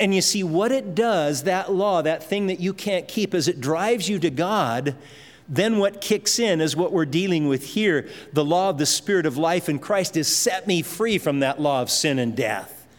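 Brief: male pastor, high voice, emphatic sermon delivery, long hall echo. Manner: emphatic preaching with swings in pitch and pace, repeats words.

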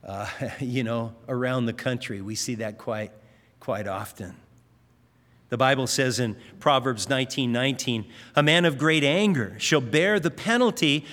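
A man's voice: a bit bright, big-room sound. A man preaching a sermon, telling Bible stories and briefly acting out the characters' lines as he goes. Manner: storytelling, acts out quoted lines with rising pitch.

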